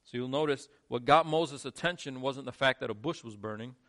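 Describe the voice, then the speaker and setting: A male pastor preaching a sermon, shifting between quiet, low lines and emphatic, rising ones. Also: brisk.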